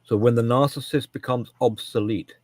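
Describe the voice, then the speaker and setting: A man's voice: medium pitch, steady tone, moderate pace, a little mellow, no echo. A man co-hosting a casual podcast discussion, talking emphatically and often restarting and repeating his words. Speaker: co-host.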